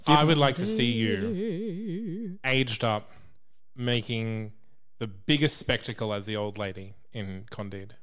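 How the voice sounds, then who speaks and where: A man's voice: medium pitch, animated, slow pace, fairly bright tone. A man in a casual chat about musicals, informative and steering the conversation.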